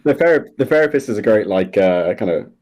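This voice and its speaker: A young man in casual chat with a friend, animated and quick to laugh while quoting favourite lines. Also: on the low side. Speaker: podcast guest.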